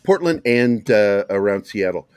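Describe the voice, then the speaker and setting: A man's voice: fairly low pitch, animated, unhurried, darkish tone, clean tone, no room sound. A man from a small Virginia town with a neutral American accent, chatting casually as a podcast co-host, rambling with lots of fillers and swearing. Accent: neutral American, Southern slips when tired. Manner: rambling, profane, many fillers. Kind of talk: casual chat.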